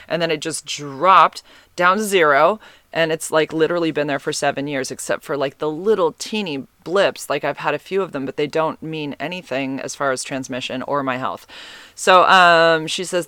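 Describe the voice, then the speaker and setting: A woman hosting her own podcast, talking alone in a rambling, animated way with lots of "like" and "um". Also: low-pitched, no room sound. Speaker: podcast host. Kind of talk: casual solo podcast chat.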